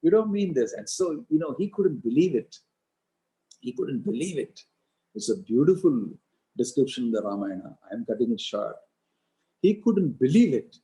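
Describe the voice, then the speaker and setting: A monk delivers a storytelling sermon, retelling an epic with lively narration and offhand asides. His voice is mellow and sits at a medium pitch for a man. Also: normal speed, low-quality recording. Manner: animated retelling with casual asides. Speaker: monk giving a scripture lecture.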